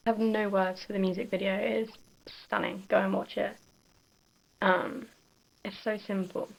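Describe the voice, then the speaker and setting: Husky, gravelly young woman vlogging. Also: mid-range voice, little pitch movement, moderate pace, rough recording. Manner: chatty, giggly, soft and confiding. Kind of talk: casual vlog chat.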